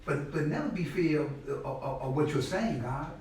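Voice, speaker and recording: A middle-aged man telling stories at a class in a casual, animated way, often acting out what others said and repeating words. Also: fairly high pitch, moderate pace. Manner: animated, acts out quoted people loudly, repeats words. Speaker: guest speaker at a class. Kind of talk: conversational storytelling lecture. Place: indoor classroom space. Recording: very echoey room, mic far off.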